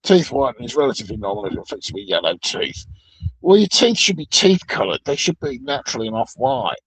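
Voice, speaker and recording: A man's voice: mid-range voice, sing-song, brisk, fairly bright tone, slightly rough, dry recording, rough recording. A middle-aged man, ranting alone to camera in a blunt, sweary, sardonic way. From Britain. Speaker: vlogger. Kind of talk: profane solo rant.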